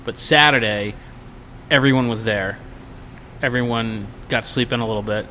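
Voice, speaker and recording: Guy on a podcast telling a wild drinking story, bright voice, gets loud on the quotes, faint hiss behind. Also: medium pitch, normal speed. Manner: animated, acts out quotes in a raised voice. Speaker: podcast guest. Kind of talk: casual storytelling.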